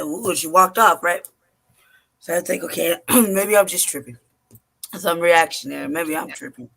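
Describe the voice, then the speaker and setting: A man telling a story in casual chat, animated and rambling, swearing freely and full of fillers. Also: high-pitched.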